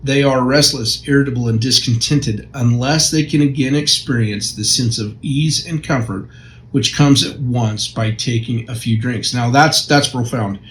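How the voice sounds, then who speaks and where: A man's voice: mid-range voice, normal speed, poor audio. A man co-hosting a recovery podcast, reading passages aloud and reflecting on them in casual discussion. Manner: reflective, reads passages then comments. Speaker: recovery counselor and podcast co-host.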